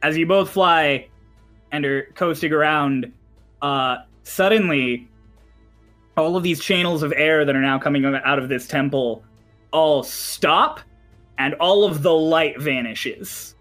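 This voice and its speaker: A man's voice: on the high side, slow, fairly bright tone, soft background music. Chatty male game master. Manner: loose, chatty narration with fillers. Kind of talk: narrating a tabletop game.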